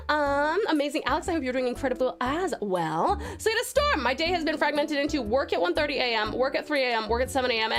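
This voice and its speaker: Bubbly woman streamer, high lively voice. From Australia. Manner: affectionate, doting, bubbly greetings. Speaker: streamer greeting chat. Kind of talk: casual live-stream chat.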